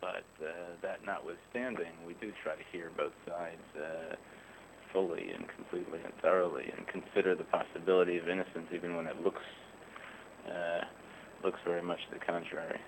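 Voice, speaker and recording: A man explaining religious texts in a thoughtful, measured way, pausing often with "uh" as he thinks. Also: sits low, little pitch movement, noisy background. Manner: thoughtful, measured, frequent "uh" pauses, occasional chuckles. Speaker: guest, rabbinic scholar. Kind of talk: conversational explanation.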